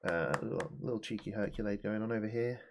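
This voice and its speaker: A man streaming a game live, chatty and animated, swearing and talking to his chat. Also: on the low side, fast, creaky, very noisy. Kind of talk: live-stream gameplay commentary.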